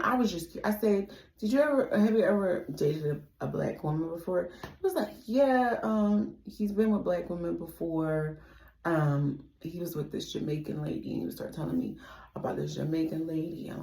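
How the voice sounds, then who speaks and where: Animated young woman in an echoey room. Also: on the low side, normal speed, gravelly. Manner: animated, profane, swings between loud exclamations and hushed asides. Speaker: storytime vlogger. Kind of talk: casual storytelling.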